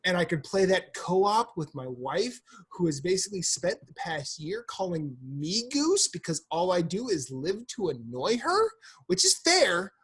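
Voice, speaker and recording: A man co-hosting a podcast, telling stories in an animated, joking way with some swearing. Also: high-pitched, unhurried, husky. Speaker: podcast co-host. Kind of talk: casual chat.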